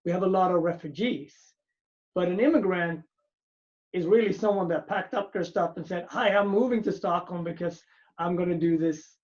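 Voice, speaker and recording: A man's voice: high-pitched, normal speed, a little mellow. A man who grew up in Sweden, explaining points on a virtual panel over a video call and often checking in with "right?". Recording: muffled video call audio.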